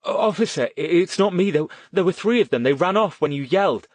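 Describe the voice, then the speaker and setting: A man's voice: on the high side, big pitch swings, a little fast, slightly rough, no room sound, voice pushed up. A man voicing a frightened teenage boy who turns defiant and blurts things out when stressed. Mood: stammering.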